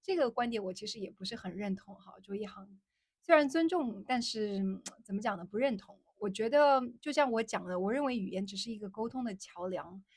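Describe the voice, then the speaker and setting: A young Chinese woman, a native Mandarin speaker, chats with her livestream viewers and switches freely between English and Mandarin. She restates phrases twice over as she goes, with an everyday mid-range pitch. Her voice sounds close and dry, with no room echo. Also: fairly quick, slightly rough. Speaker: livestream host. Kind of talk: casual livestream chat answering viewers.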